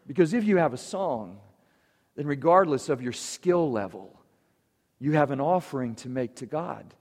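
A man's voice: on the high side, lively intonation, moderate pace. A man preaching a sermon to his congregation, earnest and emphatic. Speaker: pastor. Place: church sanctuary. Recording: long church reverb.

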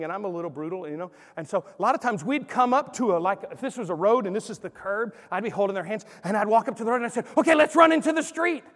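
High-voiced animated preacher in a hall. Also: male voice. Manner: animated storyteller, acts out quotes. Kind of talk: sermon with storytelling. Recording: long hall reverb.

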